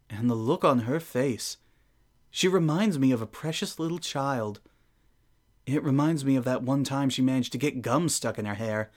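A regal, ancient sun princess, acted by a man, thinks aloud in a refined, formal manner. Her tone is dryly amused and unhurried. This is a fan audio drama monologue in a mid-range voice. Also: mid-range voice, close to an everyday voice. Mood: fond.

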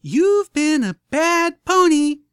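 A man voicing a cheerful but menacing robot with a female-sounding voice, slow and scolding in a sing-song way. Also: extremely high pitch, very animated, a bit bright, no room sound, clean studio sound, pitched above the performer's own voice, exaggerated voice.

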